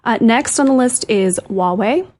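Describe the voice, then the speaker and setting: A woman's voice: on the high side, lively intonation, measured pace, darkish tone. A woman co-hosting a tech show, chatting animatedly and giggling often. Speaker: co-host. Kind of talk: casual chat.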